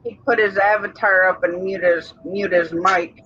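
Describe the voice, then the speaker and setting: A man's voice: high voice, fairly even intonation, normal speed, pushed and bright, slight background noise. A man co-hosting a livestream, chatting casually and teasing a friend with frequent laughs. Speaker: livestream co-host. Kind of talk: casual chat. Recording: dull lo-fi stream audio.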